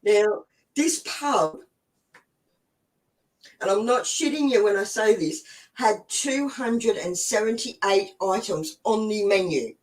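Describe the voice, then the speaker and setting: A woman's voice: mid-range voice, expressive, slow pace, long pauses, recorded from a distance, rough recording. An Australian woman in her forties hosting a live stream, telling stories in a chatty way, swearing freely and laughing often. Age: 40s. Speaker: host. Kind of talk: casual live-stream storytelling.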